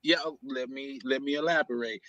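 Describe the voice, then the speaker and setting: A man hosting a casual live stream from his basement office, asking teasing questions in a halting, repetitive way. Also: medium pitch, fairly even intonation, a bit bright, no echo, highs cut off. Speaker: stream host.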